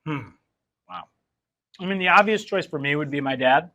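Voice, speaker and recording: Bright-toned chatty male teacher. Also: a little high, moderate pace. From New Jersey. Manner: jokey, chatty, rambling. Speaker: teacher interviewing a student. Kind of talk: casual chat over wings.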